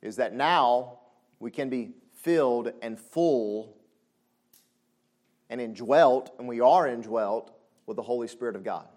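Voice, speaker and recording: A man preaching a sermon. He talks conversationally with frequent asides and swings between loud exclamations and soft, low passages. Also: takes it slowly, long pauses. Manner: conversational, with frequent "you know what I'm saying" asides. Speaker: pastor.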